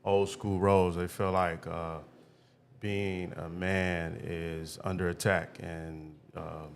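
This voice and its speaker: Laid-back male co-host, low voice, lets phrases fade out, light hiss behind. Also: little pitch movement, slow pace. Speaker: podcast co-host. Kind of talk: casual chat.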